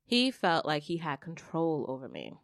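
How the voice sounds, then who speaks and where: A young adult woman on a podcast, telling a personal story in blunt, swearing, animated casual chat. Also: deep voice, moderate pace, gravelly, no echo, clean studio sound. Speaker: podcast co-host.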